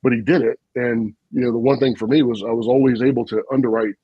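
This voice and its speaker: A man, a retired army officer, telling stories in an animated, folksy way on a casual podcast. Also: medium pitch, fast, breathy edge, dry recording, lo-fi sound. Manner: animated, folksy storyteller with frequent asides and laughs.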